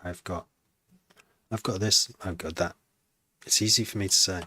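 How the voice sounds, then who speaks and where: A man's voice: low voice, fairly even intonation, moderate pace, bright, forceful tone. A man with a slight Wrexham accent, talking to himself while producing music, musing aloud with wry asides and many restarts. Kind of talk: casual self-talk while making music.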